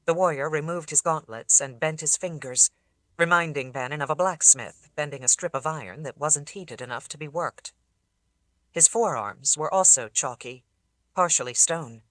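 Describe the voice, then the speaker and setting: An audiobook narrator reading fantasy fiction in a steady, measured way on a close mic. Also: medium pitch, no room sound.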